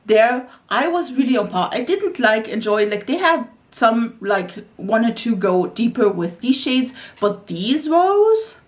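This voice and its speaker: A woman's voice: a little high, sing-song, a little slow, few pauses. A woman talking casually as a beauty YouTuber, chatty and full of filler "like"s. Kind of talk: casual vlog chat about makeup.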